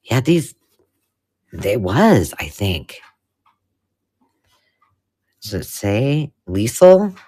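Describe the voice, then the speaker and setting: This middle-aged woman hosts a live unboxing of vintage paper for her craft channel. Her voice is lively, swooping high and low as she gushes over each find. She drifts between chatty excitement and hushed, awed murmurs. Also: very slow, pauses often. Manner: excitable, gushing, drops to hushed whispers. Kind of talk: casual live unboxing chat.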